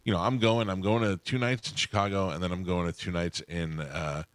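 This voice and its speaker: A man's voice: low-pitched, steady tone, a little fast, dry recording. A man hosting a radio show, telling rambling self-deprecating stories in casual studio chat and laughing often.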